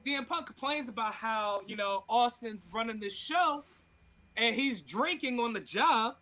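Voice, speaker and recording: A man co-hosting a podcast, telling a story in casual, animated chat with plenty of swearing. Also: very high voice, unhurried, poor audio. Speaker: podcast co-host.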